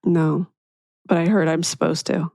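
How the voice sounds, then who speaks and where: A woman's voice: sits low, level tone, measured pace, creaky, dark tone, no room sound, clean studio sound. A woman podcast host from the Philadelphia suburbs with a light local accent, chatting casually and laughing often. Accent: Philadelphia area. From Chester County, Pennsylvania. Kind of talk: casual chat.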